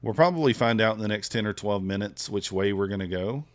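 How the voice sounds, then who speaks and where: On a live stream, a man trades futures and talks through his thinking in a laid-back, casual way, chatting with viewers. He speaks at a quick pace in a fairly low-pitched voice.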